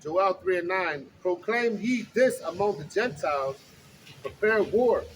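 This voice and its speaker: High-voiced man reading scripture slowly. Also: animated, a little hiss or hum, low-quality recording. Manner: slow, deliberate, declaiming reading. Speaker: scripture reader. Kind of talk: reading scripture aloud outdoors.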